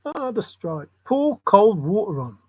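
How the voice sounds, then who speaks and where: A man's voice: high voice, big pitch swings, measured pace, husky, no room sound. A man rambling in a solo monologue, muttering to himself and breaking into sudden exclamations. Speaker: channel host.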